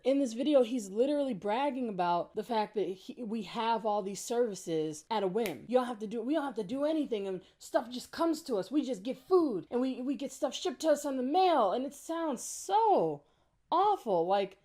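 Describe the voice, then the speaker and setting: A woman's voice: fairly high pitch, expressive, brisk, few pauses, dark tone. A woman commentator talking through a response video in a rambling, indignant way, with frequent filler "likes". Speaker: YouTube commentator. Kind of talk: casual commentary and rebuttal.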